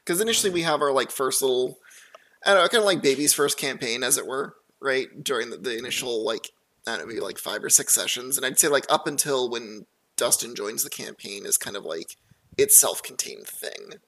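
Bright-voiced man hosting a casual podcast. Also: medium pitch, animated, brisk. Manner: easygoing, laughs often, asks questions. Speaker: podcast host and game master.

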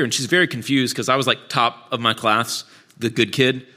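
A man's voice: medium pitch, quick pace, bright, forceful tone. A man, a pastor, giving a sermon with candid, self-deprecating storytelling. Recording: long church hall reverb.

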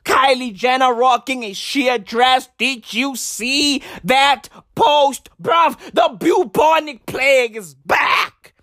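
A woman doing a profane comedic rant in street slang, her voice cracking as she lurches between yelling and whispering. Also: high-pitched, slow, few pauses, dry recording, studio quality. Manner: shouty, slangy, wild swings from yells to whispers. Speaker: comic ranter.

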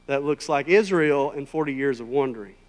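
A man preaching a sermon in a conversational, emphatic way, rising to loud, high peaks. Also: brisk. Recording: long hall reverb.

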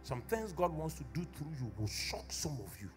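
A male pastor delivering an impassioned sermon in church, building to shouted exhortation. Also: a little high, sing-song, normal speed, music in the background.

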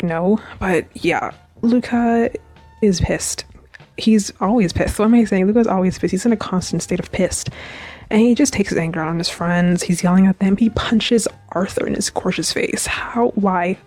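A woman's voice: medium pitch, moderate pace, darkish tone. A young woman hosting a review podcast, recapping a TV episode in a chatty, emotional way with frequent restarts and self-corrections. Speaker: podcast host reviewing a TV series.

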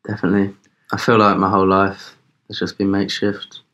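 A man's voice: low-pitched, completely flat delivery, a little fast, a bit bright. A young man co-hosting a podcast, mostly chiming in with short agreeing replies and teasing his friend. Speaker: podcast co-host. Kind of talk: casual chat.

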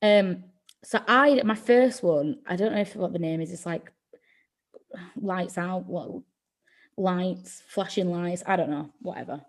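Woman co-host, low-ish register, loose chatty storyteller with a sweary streak. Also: unhurried. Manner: rambling, swears freely, lots of "like". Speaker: podcast co-host. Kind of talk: casual storytelling chat.

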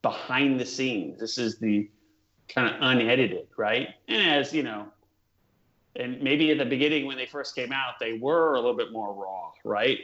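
A man's voice: medium pitch, fairly bright tone, roomy sound, highs cut off. A man co-hosting a podcast in casual chat, reflective and hesitant. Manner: reflective, hesitant, many fillers. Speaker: podcast co-host.

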